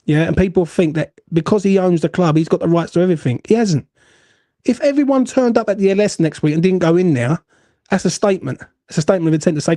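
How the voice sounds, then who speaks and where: Ranting football host. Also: male voice, sits high, animated, fast, dark tone, no echo, clean studio sound. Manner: blunt, swearing, ranting. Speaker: fan show host. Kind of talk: heated fan call-in chat.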